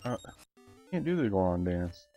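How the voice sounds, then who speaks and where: A man hosting a retro game live stream, chatting casually and haltingly with viewers. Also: sits low, faint music behind. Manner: relaxed, halting, talks to chat. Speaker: streamer host.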